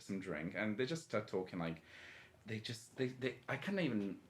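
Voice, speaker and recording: Lively deep-voiced man, cheeky, a swearing storyteller and interview guest. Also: normal speed. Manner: animated storyteller, swears freely. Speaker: design guest. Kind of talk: casual interview chat.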